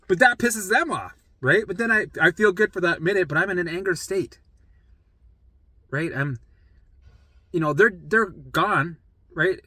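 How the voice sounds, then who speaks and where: A man's voice: sits high, a little slow, pauses often, pushed and bright, no room sound. A middle-aged man in a casual vlog monologue, talking bluntly with plenty of swearing and acting out old arguments. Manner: blunt and profane, acts out past arguments. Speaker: vlogger.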